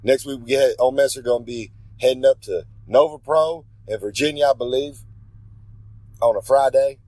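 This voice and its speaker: A man's voice: mid-range voice, moderate pace, dark tone, dry recording, poor audio. Male wrestler, cocky promo delivery, refers to himself in third person, dry close sound. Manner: brash, swaggering, talks about himself in third person; rambling, with self-corrections. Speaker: pro wrestler giving a regular segment.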